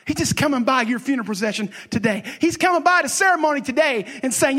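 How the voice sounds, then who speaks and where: A man preaching a sermon as pastor, emphatic and repetitive, swinging between loud declarations and hushed, whispered lines. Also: very high-pitched, quick pace.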